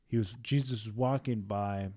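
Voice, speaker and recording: A podcast host with a voice on the low side speaks at a moderate pace about faith. He's casual and heartfelt, packing in fillers such as "man" and "like," and at times his voice sinks to a hushed tone.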